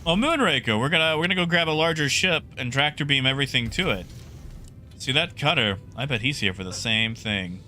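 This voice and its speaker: A man streaming a space game live, talking to his chat in an excitable way and often repeating himself. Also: mid-range voice, brisk, slight background noise. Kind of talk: live gameplay commentary.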